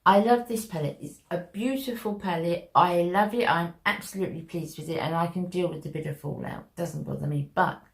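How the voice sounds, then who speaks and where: A woman's voice: lowish voice, moderate pace, gravelly, few pauses. A woman talking viewers through a makeup tutorial in a chatty, step-by-step way. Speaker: makeup vlogger.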